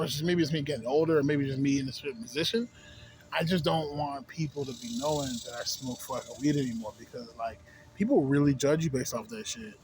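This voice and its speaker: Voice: mid-range voice, darkish tone, a little hiss or hum. A young adult man vlogging in a loose, rambling way, swearing constantly and checking in with "you know what I'm saying". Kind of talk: casual rambling monologue.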